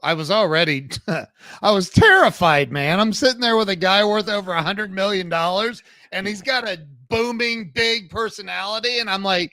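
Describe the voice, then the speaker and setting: Animated high-voiced man telling a story. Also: dry recording. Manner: animated, talks fast, acts out quoted dialogue. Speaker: podcast guest, social media coach. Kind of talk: energetic storytelling interview.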